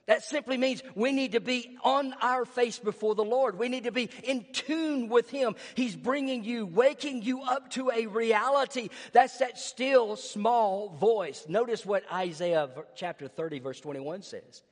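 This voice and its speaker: Slow, dramatic preacher man. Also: very high-pitched. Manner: dramatic swings from hushed to shouting. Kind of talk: sermon. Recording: long hall reverb.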